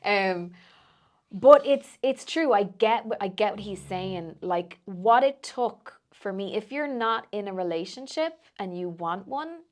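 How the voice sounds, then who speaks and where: A woman, a coach, telling personal stories in a casual podcast chat, animated and quick to laugh. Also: medium pitch. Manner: animated storytelling, laughs often, frequent "like". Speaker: transformational coach, podcast guest.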